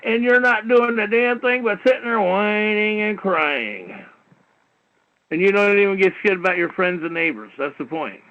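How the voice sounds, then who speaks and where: A man with a high voice hosts a call-in talk show through a dull, lo-fi internet radio stream. He lectures in a heated, rambling way, repeats himself and fills gaps with "you know" and the odd curse. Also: moderate pace, bright, forceful tone. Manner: repetitive, peppered with "you know", swearing.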